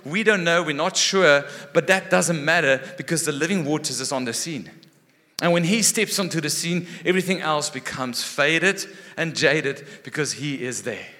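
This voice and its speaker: A man preaching in a large hall with a long, ringing echo. His voice is bright and forceful and sits a little high for a man. He swings from raised, animated lines down to hushed, quiet ones. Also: normal speed. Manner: animated, dramatic shifts between loud and hushed. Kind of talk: sermon. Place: church hall.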